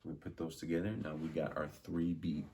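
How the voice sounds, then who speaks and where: A man's voice: extremely low pitch, little pitch movement, mellow. A man teaching a music lesson, patiently drilling rhythms and asking questions. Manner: slow, patient, repeats and drills words.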